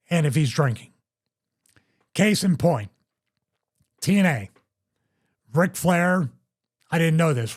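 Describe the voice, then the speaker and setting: A middle-aged man hosting a podcast, casually telling a story and acting out other people's quotes in raised voices. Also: a little high.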